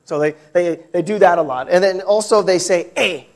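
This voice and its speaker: Male American speaker with a high voice, chatty and jokey on stage at a tech conference. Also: brisk, darkish tone. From New York, United States. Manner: chatty, joking with the audience. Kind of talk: technical conference talk. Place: large conference hall.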